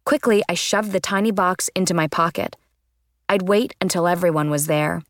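A woman narrating a children's chapter book in the first person, with a lively, expressive delivery. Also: on the low side, moderate pace, no room sound, studio quality. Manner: lively, expressive reading with character voices. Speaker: audiobook narrator.

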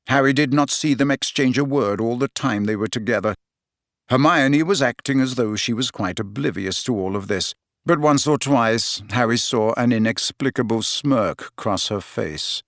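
A man narrating a story in a steady, expressive reading voice on a close microphone. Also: mid-range voice, dry recording. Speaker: audiobook narrator. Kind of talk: scripted narration.

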